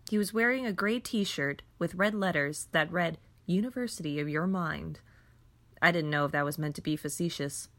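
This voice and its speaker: Woman reading a dark first-person story, lowish voice, somber. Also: fairly quick, hardly any pauses. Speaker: narrator.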